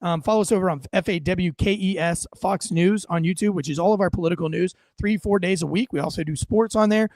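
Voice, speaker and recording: Gravelly, high-voiced podcast host. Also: male voice, quick pace, hardly any pauses, darkish tone, no room sound, clean studio sound. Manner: emphatic, punchy, with many fillers. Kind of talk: casual podcast commentary.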